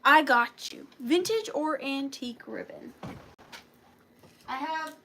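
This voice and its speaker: A woman's voice: high-pitched, slow pace, bright, forceful tone, slight background noise. A woman hosting a live online sale, chatting playfully with viewers and calling them by name. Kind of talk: chatty live-stream selling.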